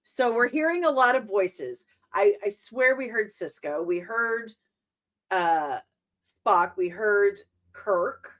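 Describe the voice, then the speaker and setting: A woman in her forties hosting a casual reaction to a trailer, animated and exclamatory with mock outrage. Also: mid-range voice, slow pace. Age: 40s.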